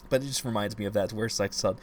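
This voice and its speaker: Man, low voice, podcast co-host, casual book chat, animated, ranting. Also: racing, slight background noise.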